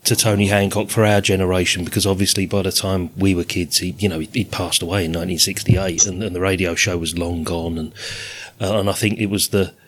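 A man's voice: low voice, flat delivery, fairly quick, a little hiss or hum. A man hosting a casual film chat in an easygoing, enthusiastic way. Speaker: podcast host.

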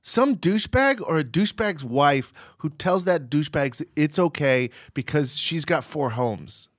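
A man's voice: on the high side, lively intonation, measured pace, dry recording, studio quality. A man co-hosting a podcast, riffing in a sarcastic, jokey way in casual conversation. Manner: sarcastic, riffing with absurd jokes. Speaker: podcast co-host. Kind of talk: casual comedic chat.

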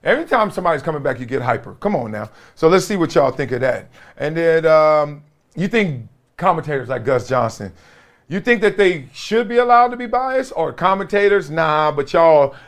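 A man's voice: on the high side, animated, normal speed. A man from Compton hosting his own show, talking in a casual, joking monologue and laughing often. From Compton, Los Angeles. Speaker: show host.

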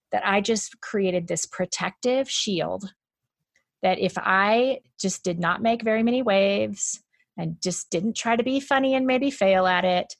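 A woman's voice: mid-range voice, creaky, no echo, studio quality. A woman talking as a podcast guest in a casual, chatty conversation, with lots of "like" fillers and frequent laughs.

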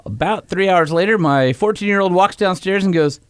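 A man co-hosting a podcast in casual chat, an animated storyteller who acts out the quotes, his voice a little strained. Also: sits high, a little fast, few pauses, clean tone, no room sound, clean studio sound. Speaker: podcast co-host.

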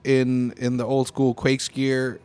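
A man's voice: medium pitch, monotone, slow pace, darkish tone, clear, resonant tone. A young American man in a casual, profane monologue, talking with heavy emphasis. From United States. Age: young adult.

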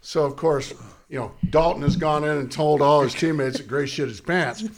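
Man, middle-aged, former ballplayer, storytelling, laughing often, raspy fry. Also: a little high, moderate pace. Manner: laughs through his own story, animated. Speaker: former pro baseball first baseman, guest. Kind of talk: storytelling in casual chat.

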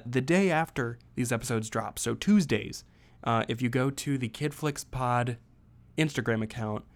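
A man hosting a podcast, reviewing a movie in a chatty, rambling solo talk with playful asides. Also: medium pitch. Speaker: podcast host. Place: saw movie at Temple theater.

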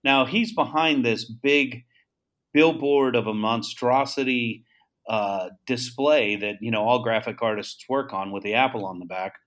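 As an interview guest, a man with a mid-range voice tells a long, animated story about founding his seasoning brand. Speaking at a measured pace, he acts out the voices of the people involved and frequently repeats or restarts words.

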